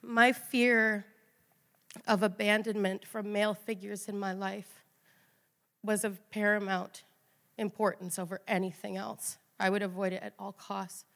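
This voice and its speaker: Woman, earnest confessional testimony, raw emotion, mid-pitched voice, long hall reverb. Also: creaky. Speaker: speaker giving a personal testimony.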